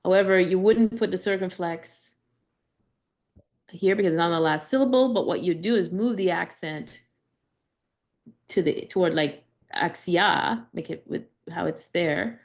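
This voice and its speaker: A woman teaches a live Greek grammar class, explaining step by step, often checking with "right?" and restarting sentences. Her voice is lowish, a little mellow, and measured in pace.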